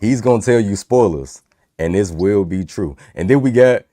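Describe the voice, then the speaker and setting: A man's voice: animated, moderate pace, dark tone, dry recording, clean studio sound. A man co-hosting a casual podcast, laid-back and joking. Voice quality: deep smooth radio voice. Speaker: podcast co-host. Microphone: new microphone.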